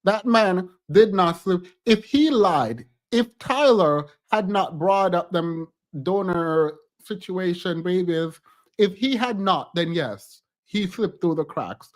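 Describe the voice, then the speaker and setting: A man's voice: sits high, animated, takes it slowly. A man streaming a casual reaction to a reality show, talking in a sassy, emphatic way and laughing often.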